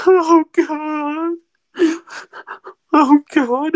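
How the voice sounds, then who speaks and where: A woman's voice: extremely high pitch, little pitch movement, extremely slow, pauses often, a little mellow, no echo. A young woman in a casual recorded reaction, pleading and swearing while breaking into laughter and near-tears, talking close to her own mic.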